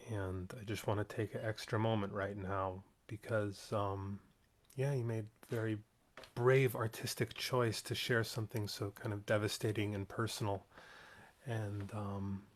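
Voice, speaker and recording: Halting earnest male host. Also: on the low side. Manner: halting, earnest, many fillers. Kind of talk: hosting an online song swap.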